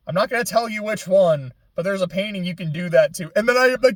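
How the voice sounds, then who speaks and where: A young man talks through a video game in a loose, rambling way, full of fillers and restarts. His voice sits a little high for a man. The sound is close and dry, with no room around it. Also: brisk, hardly any pauses, no room sound. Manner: rambling, filler-heavy, laughs through near tears. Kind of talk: casual gaming chat.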